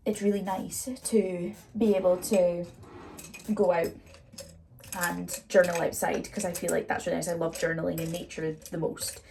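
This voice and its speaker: A woman's voice: on the low side, gravelly, mellow, slight background noise. A young woman chats openly while doing her makeup, rambling with plenty of fillers in a casual get-ready-with-me talk. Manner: chatty and open, rambling with fillers. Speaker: vlogger. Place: indoors at home, doing makeup.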